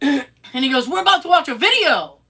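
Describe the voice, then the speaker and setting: A woman's voice: high voice, fairly quick, gravelly. A woman co-hosting a podcast, telling a story in casual chat with sarcastic asides and acted-out quotes. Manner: animated, sarcastic, acts out quotes. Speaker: podcast co-host.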